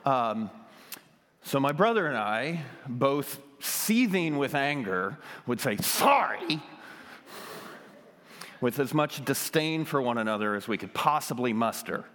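A man's voice: mid-range voice, lively intonation, measured pace, a bit bright, in a large hall. A man giving a conversational sermon, telling a childhood story with lots of ums and self-deprecating humor.

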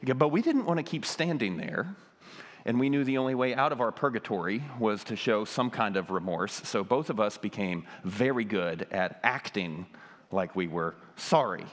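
A man's voice: lowish voice, lively intonation, moderate pace, big-room sound. A man giving a conversational sermon, telling a childhood story with lots of ums and self-deprecating humor.

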